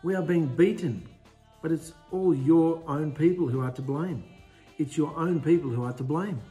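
A man's voice: fairly high pitch, moderate pace, warm tone, faint music behind, lightly acted. A man playing desperate pleading foremen. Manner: pleading, resentful.

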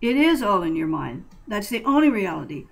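A woman voicing a calm, smooth male ship captain in his forties who preaches earnestly in a storybook reading. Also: mid-range voice, a little fast. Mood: insistent.

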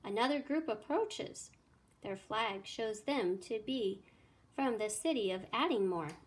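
A woman reading aloud, voicing a bustling, brisk male knight in a storybook. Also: medium pitch, animated, close to an everyday voice. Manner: brisk, eager.

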